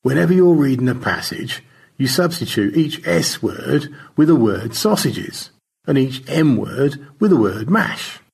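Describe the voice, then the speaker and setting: A man's voice: mid-range voice, very animated, measured pace, vocal fry, darkish tone, slightly rough, voice pushed up, exaggerated voice. A man voicing Stanley, a dry-witted space rescuer who teases in easy banter. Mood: teasing.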